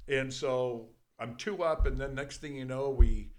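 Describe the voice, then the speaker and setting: An older man, a guest in a studio interview, telling a long anecdote in a lively, casual way with frequent swearing and bursts of laughter. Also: medium pitch, a little slow. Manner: animated, swears freely, breaks into laughter.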